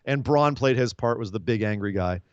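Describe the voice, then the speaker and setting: A man co-hosting a casual wrestling podcast, talking fast and acting out scenes with funny voices. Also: medium pitch, clear, resonant tone, no room sound, muffled recording. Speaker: podcast co-host.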